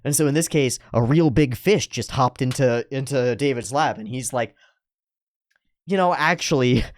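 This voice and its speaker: A man hosting an anime reaction show, giving casual, excitable, profane commentary on an episode. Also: mid-range voice, moderate pace. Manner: excitable and profane, jumps between breakdown and hype.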